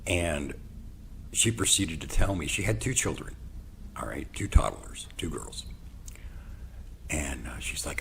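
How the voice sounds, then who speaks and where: A man hosting his own show, telling a personal story in an animated way and acting out the dialogue. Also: very deep voice, moderate pace, vocal fry, a little hiss or hum. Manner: animated, acts out quoted dialogue. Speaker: podcast host.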